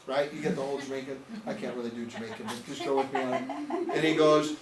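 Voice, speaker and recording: A man's voice: medium pitch, fairly even intonation, fast, few pauses, over a noisy crowd. A man giving a nutrition training to a small group, emphatic and repetitive, often checking in with "okay?". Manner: emphatic, repeats words and asks "okay?". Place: room with an audience. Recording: echoey room, distant mic, faint noise.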